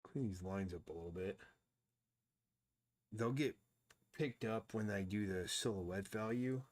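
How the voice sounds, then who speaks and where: A man's voice: on the low side, measured pace, a little mellow. A man thinking aloud and rambling casually while he draws on a live stream. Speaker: artist streaming his drawing.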